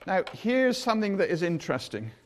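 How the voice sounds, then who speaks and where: A man's voice: high voice, sing-song, brisk. An older man giving a chatty sermon, acting out the people in the stories. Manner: chatty, acts out quotes in voices. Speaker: preacher.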